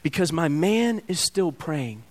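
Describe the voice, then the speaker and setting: A man preaching voices God as calm and patient, speaking softly and slowly. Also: a little high.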